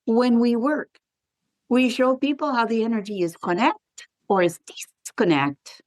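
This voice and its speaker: A woman voicing a colleague in a Puerto Rican accent, speaking softly and half in a whisper. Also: fairly high pitch, measured pace, dry recording, clean studio sound, lightly acted. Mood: earnest. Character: colleague sharing a work motto.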